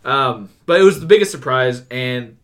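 A man's voice: mid-range voice, expressive, moderate pace. A young man co-hosting a casual movie podcast, profane and often tripping over his words. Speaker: podcast co-host.

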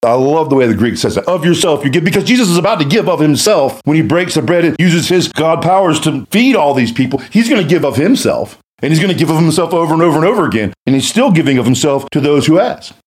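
Male guest speaker; animated, colloquial Bible teacher with a raised, expressive voice. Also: on the high side, quick pace, few pauses. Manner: animated, colloquial, acts out quotes.

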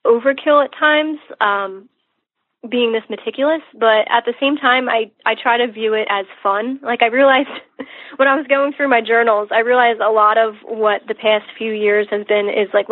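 Woman guest, fairly high husky voice, chatty with fillers, heard down a phone line. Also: no echo. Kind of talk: casual conversation. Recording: tinny phone line, dry.

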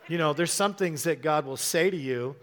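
A middle-aged man preaching a sermon, telling a story with animated quoted voices. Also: normal speed. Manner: animated storytelling, acting out quotes with sudden high-pitched bursts.

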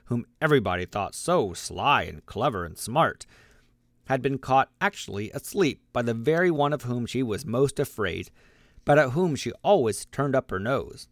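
A man narrating a children's storybook aloud, lively and expressive, giving the animals their own voices. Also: medium pitch, normal speed, no room sound, studio quality. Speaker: audiobook narrator.

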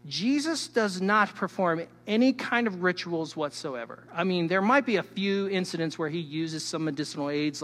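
A man preaching a sermon as a pastor, emphatic and teacherly, swinging between loud stresses and hushed asides while he speaks straight to his listeners. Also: on the high side. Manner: teacherly, addresses the listeners directly. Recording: long hall reverb.

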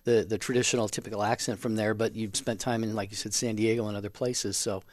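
A man co-hosting a talk radio show, asking a caller measured, curious questions. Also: fairly low pitch, flat delivery, no room sound, studio quality. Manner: measured, inquisitive. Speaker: radio co-host.

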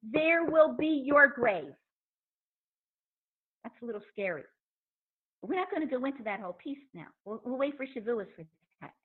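High-voiced woman giving a lively Torah lecture. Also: fast. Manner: animated, acts out quotes. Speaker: Torah teacher. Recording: thin phone-like line.

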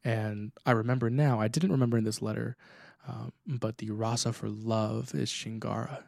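A man's voice: mid-range voice, steady tone, moderate pace, vocal fry, a little mellow, dry recording, clean studio sound. A young man chatting casually, hesitant, with many filler sounds. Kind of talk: casual conversation.

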